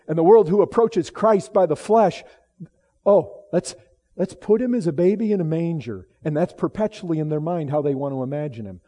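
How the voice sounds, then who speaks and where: A middle-aged man delivers an emphatic sermon, moving between low, solemn tones and loud exclamations. He often repeats and restarts his phrases.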